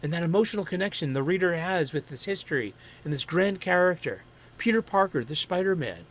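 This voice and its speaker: Animated and a little fast, this high-pitched middle-aged man from the Boston area rambles eagerly on his comics talk stream, pausing often to correct himself.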